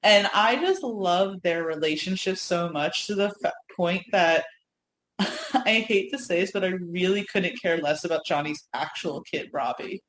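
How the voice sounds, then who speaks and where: A woman's voice: lowish voice, unhurried, a bit bright, slight background noise. A woman co-hosting a podcast, chatting enthusiastically about TV with lots of fillers. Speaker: co-host. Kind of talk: casual podcast chat. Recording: echoey room, faint ambience.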